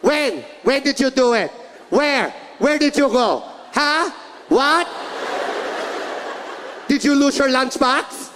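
Man doing his shrill scolding mom. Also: animated, slow, pauses often, big-room sound, background noise, exaggerated voice. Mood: interrogating. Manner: shrill interrogating yells. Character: scolding Filipino mother, middle-aged woman, relentless.

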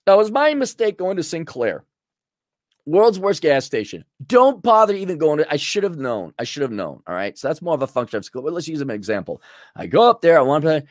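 A man's voice: fairly high pitch, sing-song, moderate pace, no room sound, clean studio sound. A man hosting a podcast, ranting in a blunt, sarcastic and crude way. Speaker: podcast host. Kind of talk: ranting monologue.

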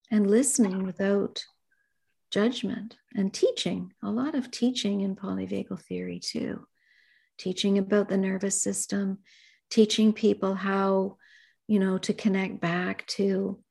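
A middle-aged woman speaks gently and reflectively as a therapist guest in an interview. Her voice has a gravelly, fry-tinged texture at an ordinary pitch. She talks in soft, thoughtful asides. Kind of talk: conversational interview.

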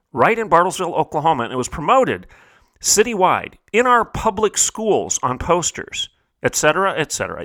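Emphatic talk show host, bright tone. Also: male voice, mid-range voice, no room sound. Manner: emphatic, preacherly, rhetorical questions.

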